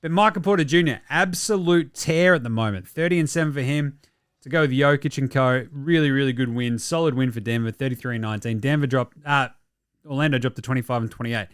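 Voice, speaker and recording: Smooth and mid-range, the host's voice drives a casual basketball show where he rants quickly and excitably about games and trades. Swearing comes often.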